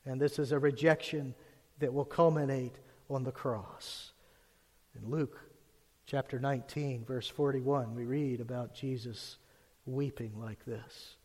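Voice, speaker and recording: A man giving a sermon as pastor, earnest, dropping his voice low and soft when he reads scripture. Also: fairly even intonation, unhurried, in a large hall.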